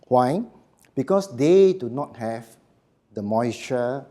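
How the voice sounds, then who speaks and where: A middle-aged man leads a live voice workshop. His warm, mellow voice rises and falls a lot. He speaks in short, emphatic phrases and keeps asking his audience questions. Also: mid-range voice, expressive, slow. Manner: emphatic, often asks "Okay?" and "Why?", short phrases. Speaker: voice coach giving a workshop. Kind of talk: live seminar lecture.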